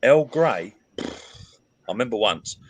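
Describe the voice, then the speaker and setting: A man's voice: mid-range voice, animated, measured pace, slight background noise. A man from England hosting a casual live stream chat, teasing his guests, greeting viewers by name and laughing often. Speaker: livestream host.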